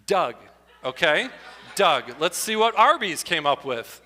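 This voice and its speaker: Bright animated man in a reverberant hall. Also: sits high, a little slow. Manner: animated, bursts into loud exclaiming. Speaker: comedian at a church show. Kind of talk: stand-up comedy with slides. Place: church hall before an audience.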